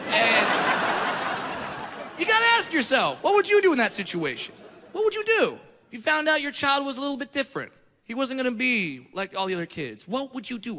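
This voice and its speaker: Brief: crude, brash stand-up comic on a handheld mic, high and bright gravelly voice, big hall echo. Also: male voice. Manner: brash, crude, punchy, rising to shouts. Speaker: stand-up comedian. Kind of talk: stand-up comedy set. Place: comedy stage in a large venue. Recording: live hall reverb with crowd laughter.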